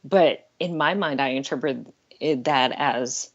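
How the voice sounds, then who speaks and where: Middle-aged woman, very low voice, earnest and candid, dull lo-fi recording. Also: slow. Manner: candid, earnest, laughs often. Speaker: life coach guest. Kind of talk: podcast interview conversation.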